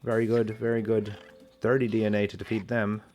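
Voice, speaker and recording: A man's voice: fairly low pitch, level tone, a little fast, darkish tone, a little hiss or hum. A man giving casual, rambling let's-play commentary in a playful way, often restarting his sentences. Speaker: gameplay commentator.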